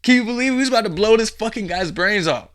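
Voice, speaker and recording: A man voicing a rowdy, gleeful male robber who swears and shouts. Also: sits high, fast, voice pushed up. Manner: profane, excited, loud.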